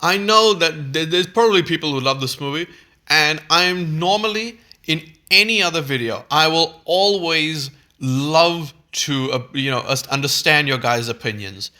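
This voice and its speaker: A worked-up man rants through a film review in a bright, fairly high voice. He curses freely and trips over restarts when he gets heated. His tone stays exasperated and fed up. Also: normal speed.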